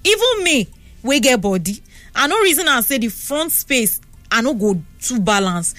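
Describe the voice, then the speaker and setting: A young Nigerian woman hosting a radio talk show, chatting and telling stories in an animated way on a studio mic. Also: a little high, moderate pace, no echo, faint music behind. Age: young adult. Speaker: radio host. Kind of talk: casual radio talk and storytelling. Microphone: studio microphone.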